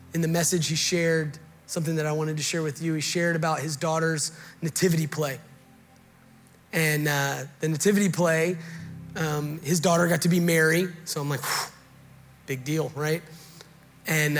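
A man's voice: on the high side, fairly bright tone, long reverb tail. A man, a pastor giving a sermon in a casual, joking storytelling way, with many fillers.

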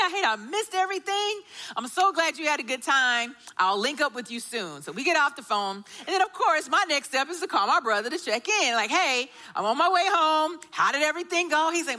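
A woman, preaching a sermon as an animated storyteller who acts out the dialogue. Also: high voice, a little fast.

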